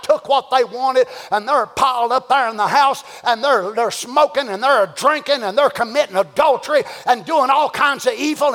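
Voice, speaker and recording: A man preaching a sermon, swinging between folksy storytelling and shouted, drawn-out exhortation. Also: very high-pitched, in a large hall. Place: church sanctuary.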